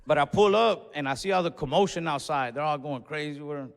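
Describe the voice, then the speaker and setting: A man's voice: fairly high pitch, fairly quick. A young man doing stand-up and telling a long story in a laid-back, profane way. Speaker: stand-up comedian. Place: comedy club stage. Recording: long reverb and faint noise, club stage.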